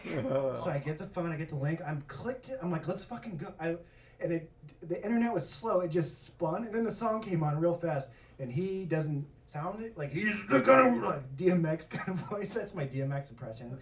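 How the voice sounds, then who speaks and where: Animated male comic on a roomy stage. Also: a little high, normal speed. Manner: animated, acts out quoted voices, swears freely. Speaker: stand-up comedian. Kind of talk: stand-up storytelling. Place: comedy stage before a live audience. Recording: echoey room from far off, audience laughter.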